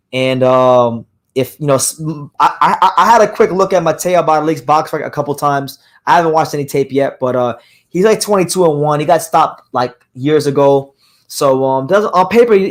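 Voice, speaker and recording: A man with a slightly high voice, hoarse today, hosts a live boxing news stream. He talks loosely and casually, circling back on his words with lots of fillers and restarts as he runs through fight news. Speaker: boxing podcast host.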